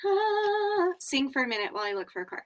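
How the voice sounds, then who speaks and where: A woman's voice: sits high, sing-song, brisk. A woman co-hosting a podcast, joking and reacting in casual chat. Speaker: podcast co-host.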